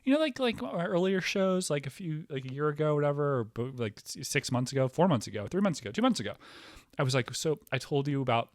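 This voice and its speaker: A man hosting a casual podcast, rambling excitably with lots of fillers, restarts and swearing. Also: fairly high pitch, fast, no echo, studio quality. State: hyper, excitable. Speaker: podcast host.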